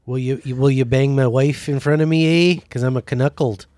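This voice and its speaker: A man's voice: medium pitch, fairly even intonation, brisk, mellow, no room sound, studio quality, lightly acted. A man putting on the voice of a polite male Canadian leader, chirpy and ending his lines with "eh".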